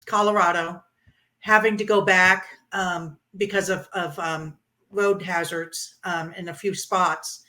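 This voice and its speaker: A woman from Florida tells her trip story in a casual interview, with a clear, bright voice. She talks in an animated way, laughing often and stumbling over ums and restarts. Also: fairly low pitch, takes it slowly. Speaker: interviewee, motorcycle rider.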